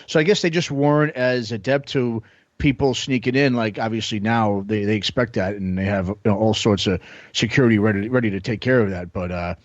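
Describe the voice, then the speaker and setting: A man's voice: lowish voice, brisk, no room sound, lo-fi sound. A man co-hosting a podcast, thinking aloud and trailing off in casual chat. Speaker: podcast co-host.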